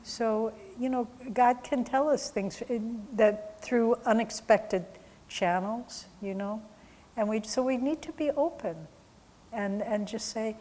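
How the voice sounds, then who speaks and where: A woman's voice: fairly high pitch, slow, mellow. A woman spiritual teacher, talking casually and telling stories with quoted asides. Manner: conversational storytelling with quoted asides. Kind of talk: satsang talk with stories. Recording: long hall reverb.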